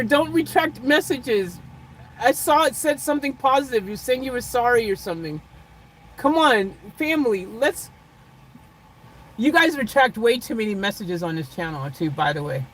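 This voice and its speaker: A livestream host chatting casually with viewers, chuckling often and swinging between loud, playful teasing and soft, sincere talk. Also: mid-range voice, slight background noise, rough recording.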